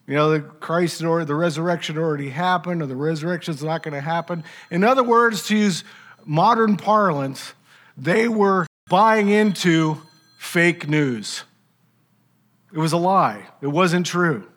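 A man's voice: a little high, normal speed, a bit bright. A man preaching a sermon, teaching in an emphatic, conversational way with rhetorical asides.

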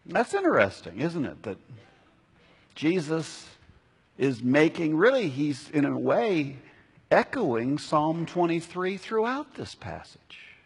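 A man preaching a sermon as pastor, emphatic, slowing down to stress key words. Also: a little high, big pitch swings, slightly rough. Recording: long hall reverb.

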